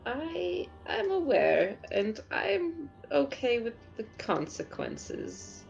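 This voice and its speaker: A woman's voice: sits high, sing-song, takes it slowly, creaky, lo-fi sound, faint music behind. A woman playing a tabletop game, speaking hesitantly and stammering in character. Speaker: player. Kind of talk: tabletop role-play.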